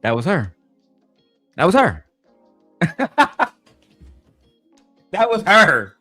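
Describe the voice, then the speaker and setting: A man hosting a livestream, ranting in a heated, profane, animated way. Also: high voice, very slow, slightly rough, dry recording, faint music behind. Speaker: livestream host. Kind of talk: livestream reaction rant.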